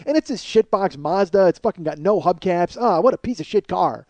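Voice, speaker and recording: A man hosting a comedy podcast, delivering a profane, exasperated rant that swings between loud outbursts and low muttering. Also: lively intonation, brisk, dry recording. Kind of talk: ranting comedic monologue.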